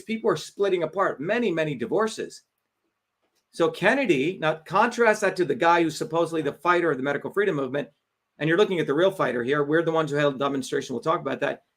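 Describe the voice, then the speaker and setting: High-voiced man ranting on a livestream. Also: fairly bright tone. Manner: combative, profane, mocking. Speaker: livestream host. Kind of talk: heated political commentary.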